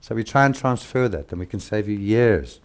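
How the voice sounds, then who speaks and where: Lively older man teaching guitar. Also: lowish voice, moderate pace, slight background noise. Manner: chatty, demonstrates rhythms with sung syllables. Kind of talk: casual guitar lesson.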